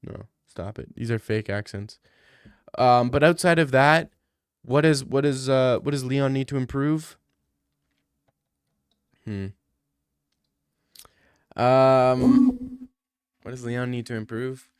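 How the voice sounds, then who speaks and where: A man's voice: mid-range voice, takes it slowly, pauses often, clean tone, dry recording, studio quality. A man on a stream casually answering viewer questions, joking and ranting in mock outrage.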